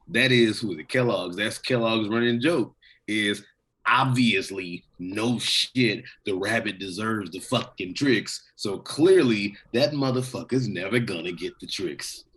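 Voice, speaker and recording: A man's voice: on the low side, a bit bright. A man co-hosting a podcast in casual chat, rambling with restarts and swearing. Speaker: podcast co-host.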